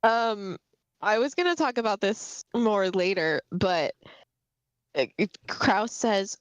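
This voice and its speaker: A woman's voice: mid-range voice, expressive, slow, clean tone, dry recording. Chatty woman, dry close sound. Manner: chatty, laughing, swears casually. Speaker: podcast co-host. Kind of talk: casual book discussion livestream.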